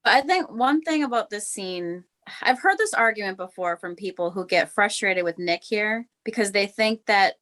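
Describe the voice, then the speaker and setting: A woman's voice: medium pitch, animated, moderate pace, fairly bright tone. This woman speaks in an ordinary mid-range voice. She co-hosts a casual podcast and argues her take on a TV episode in a chatty, opinionated way, with frequent "like"s. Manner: opinionated, argues points with many "like"s. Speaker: podcast co-host. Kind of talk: casual chat analyzing a TV episode.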